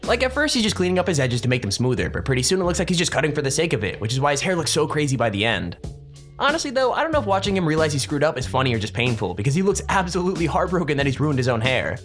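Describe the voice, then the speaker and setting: A man's voice: fairly high pitch, very animated, a bit bright, faint music behind. A man narrating a countdown video in a chatty, wry scripted voice-over. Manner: chatty, wry, fast-paced.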